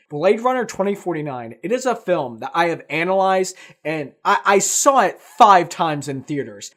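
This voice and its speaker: A man talking casually about films as a reviewer, emphatic and full of superlatives. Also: high voice. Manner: emphatic, enthusiastic, piles up superlatives. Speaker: film reviewer co-hosting a countdown. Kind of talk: casual film talk.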